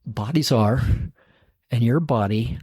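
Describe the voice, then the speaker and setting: A man's voice: medium pitch, slow, mellow, husky, no echo. A middle-aged man, a podcast guest, tells his own story in casual talk, acting out the voices of the people in it and chuckling at himself.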